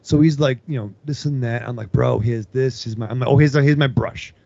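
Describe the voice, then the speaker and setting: A man co-hosts a podcast, spinning a long, heavily profane story and performing other people's lines. His medium-pitched voice is dark and creaky and moves a little fast. The audio is dry and dull, typical podcast sound.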